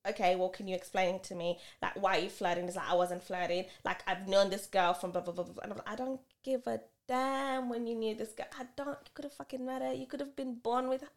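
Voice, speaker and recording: A woman co-hosting a casual podcast, telling a story with animated delivery and acting out both sides of an argument. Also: mid-range voice, fast, hardly any pauses. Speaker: podcast co-host.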